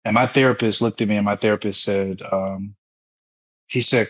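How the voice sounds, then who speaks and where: A man's voice: on the low side, fairly even intonation, fairly quick, a bit bright, muffled recording. A man in his thirties, a former pastor, telling his own story with emotion and repetition in an interview. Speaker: guest, foundation founder and former pastor.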